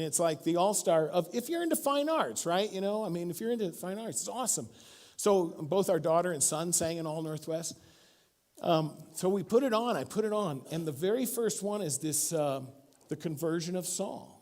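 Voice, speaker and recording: A middle-aged man delivers a sermon in church. His voice sits somewhat high for a man, and he talks in a casual, storytelling way, acting out the lines he quotes. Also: normal speed. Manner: storytelling, animated, acts out quotes. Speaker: pastor.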